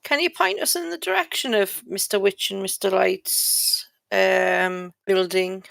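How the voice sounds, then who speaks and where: A woman's voice: medium pitch, a little slow, gravelly, fairly bright tone, no echo. A woman playing a tabletop game, pressing with persistent questions. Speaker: player. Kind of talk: casual chat.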